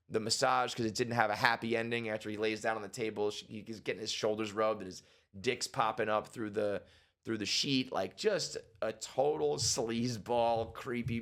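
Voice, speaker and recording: A man in the middle pitch range talks through a TV episode in a loose, chatty way. He swears freely and jumps into quick impressions of the characters' lines. It sounds like an unscripted reaction video. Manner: animated, acts out characters' lines in quick voices. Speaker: TV show reviewer. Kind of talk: reaction and breakdown commentary.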